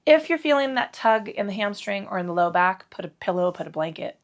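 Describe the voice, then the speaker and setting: A woman's voice: mid-range voice, expressive, a little fast, hardly any pauses. A middle-aged woman teaching a casual yoga class, rambling, swearing freely and joking at her own expense. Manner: rambling, profane and self-deprecating. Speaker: yoga instructor. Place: indoors at home.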